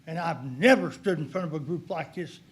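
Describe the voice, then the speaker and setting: Heated older man, high voice. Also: fairly quick, slight background noise. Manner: heated, accusatory, emphatic. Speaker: public commenter. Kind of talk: public comment at a county meeting. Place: county commissioners' court meeting room.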